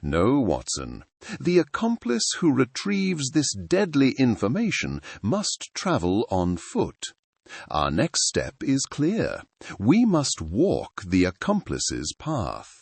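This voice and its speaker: A man's voice: mid-range voice, huge pitch swings, takes it slowly, a little mellow, slightly rough, no room sound, pitched above the performer's own voice, heavily acted. A man voicing a cool-headed male detective in an audiobook reading, giving clipped, deductive pronouncements. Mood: intent.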